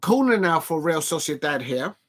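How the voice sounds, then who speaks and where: Male watch-along host, bright and forward, chatty, erupts into shouts on big plays. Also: a little high, moderate pace. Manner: chatty and excitable, breaks into shouting at big moments; exercising between remarks, counting out reps. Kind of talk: casual live football watch-along commentary.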